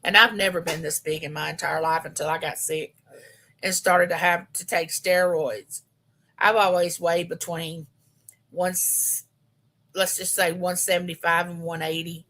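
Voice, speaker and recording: A woman's voice: on the low side, flat delivery, unhurried, pushed and bright. A woman, chatting homily and directly with viewers on a casual live stream. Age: 50s. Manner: chatty, homey, talks straight to her viewers.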